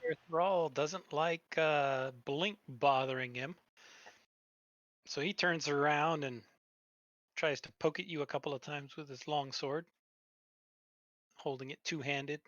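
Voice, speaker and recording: A man narrating a tabletop game as game master in a relaxed, chuckling way over a voice call. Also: fairly high pitch, slow, pauses often, no echo, highs cut off.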